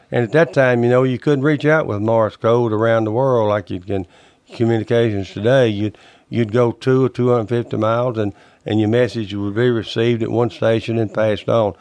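A man, telling his memories in a folksy, halting way as an interview guest. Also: medium pitch, darkish tone, dry recording. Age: 80s. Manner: plainspoken, folksy, halting storyteller. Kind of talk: recounting personal memories.

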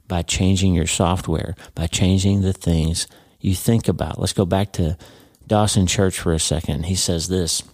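A man's voice: low-pitched, steady tone, measured pace, a little mellow, no room sound, studio quality. A man hosting a podcast, giving an earnest devotional teaching and speaking to the listener as a friend. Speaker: podcast host.

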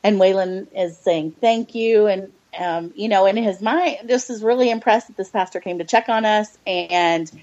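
A woman's voice: medium pitch, moderate pace, few pauses, a little mellow. A middle-aged woman guest telling a heartfelt faith story in an earnest, hesitant way, full of fillers and near tears. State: close to tears. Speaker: podcast guest, adoptive mother. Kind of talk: personal faith testimony. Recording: dull lo-fi audio.

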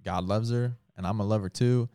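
A man's voice: lowish voice, fairly even intonation, brisk, mellow, smooth, no echo, clean studio sound. A man who is a pastor, talking casually and earnestly with lots of filler words. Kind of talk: casual podcast talk.

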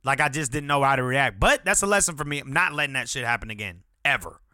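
A man's voice: mid-range voice, animated, fast, bright, forceful tone, no room sound, studio quality. A man in his thirties hosting a solo podcast, telling a story in a casual, profane way that keeps flaring into irritation. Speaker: podcast host. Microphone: podcast mic without headphones.

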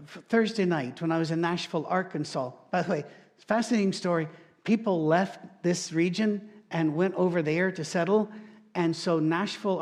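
A man's voice: sits high, a little mellow. A male pastor, preaching a sermon and telling stories with strong emphasis. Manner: storytelling, emphatic, mock-quotes others in shifted voices.

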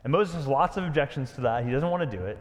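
A man preaching a sermon, dramatic and conversational, dropping to a hush on key lines. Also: medium pitch, lively intonation, quick pace, long reverb tail. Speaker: pastor.

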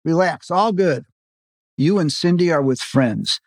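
A bold, commanding female secret agent who snaps out clipped orders, voiced by a man reading his own novel aloud. The voice sits a bit high for a man and is recorded dry and close, with no room sound around it. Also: animated, a little slow, no room sound. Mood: calm. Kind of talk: audiobook reading.

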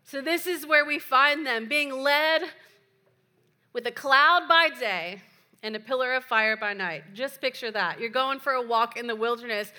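A woman's voice: sits high, measured pace, bright, forceful tone. A woman pastor preaching a sermon in a chatty, playful way with joking asides. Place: church.

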